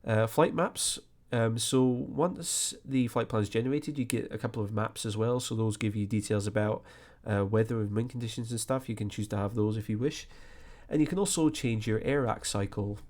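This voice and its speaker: Lowish man explaining flight planning software. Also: moderate pace, few pauses. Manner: relaxed explaining with fillers. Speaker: flight sim tutorial host. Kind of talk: screen-recorded software tutorial.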